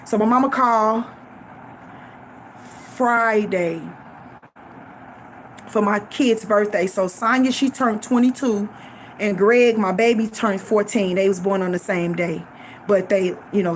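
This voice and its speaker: A woman's voice: medium pitch, fairly even intonation, a little slow, pauses often, a little hiss or hum. A middle-aged woman sharing a faith testimony, fervent and preaching, repeating phrases for emphasis.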